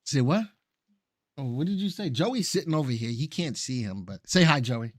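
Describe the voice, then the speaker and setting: A man's voice: mid-range voice, lively intonation, normal speed, dry recording, studio quality. A man co-hosting a live market show, chatting casually and reading viewer comments aloud. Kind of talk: casual live-stream chat.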